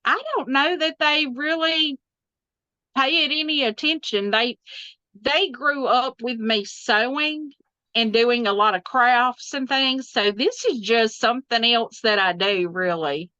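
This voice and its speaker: A woman's voice: fairly high pitch, a little slow, sharp tone, no echo, dull audio. A middle-aged woman, chatting as a guest on an interview podcast. She laughs often and trails off into restarts. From Southern United States. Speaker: guest quilter. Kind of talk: casual interview chat.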